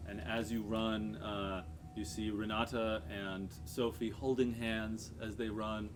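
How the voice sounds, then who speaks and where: An unhurried man running a tabletop game pauses often on fillers as he narrates, and his voice sits at an ordinary pitch. Music plays steadily behind him. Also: flat delivery. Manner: unhurried, hesitant with many fillers. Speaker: game master.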